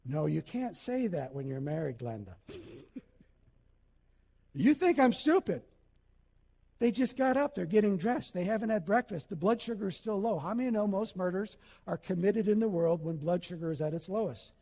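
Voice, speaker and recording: A male pastor preaching a sermon, animated, acting out little scenes and quotes as he goes. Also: sits high, fairly quick, vocal fry, long reverb tail.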